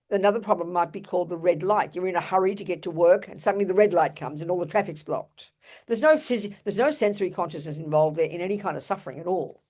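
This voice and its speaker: A Buddhist teacher, an older woman whose voice is fairly low and darkish, speaks earnestly and emphatically in a dharma talk. Along the way she addresses her audience with rhetorical asides.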